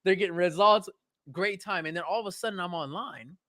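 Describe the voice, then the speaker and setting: A young man from Honduras co-hosting a podcast, talking in a casual, animated way with lots of swearing and restarts. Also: high voice, brisk, dry recording. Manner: animated, swearing, repeats himself. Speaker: podcast co-host. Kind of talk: casual chat.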